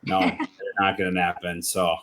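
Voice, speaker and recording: A man's voice: sits low, monotone, brisk, fairly bright tone. A young man with a Wisconsin accent, chatting casually as a guest about his time on a reality show, a little sleepy but trying to keep his energy up. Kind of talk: casual video chat interview.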